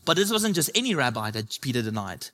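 A man's voice: medium pitch, big pitch swings, fast talker, sharp tone. A man preaching a sermon to his church, building his points through impassioned repetition.

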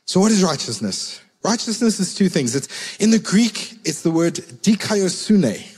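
A man's voice: sits high, big pitch swings, unhurried, a little mellow, slightly rough, long reverb tail. A man preaching a sermon in a conversational, storytelling way, repeating his key words for emphasis.

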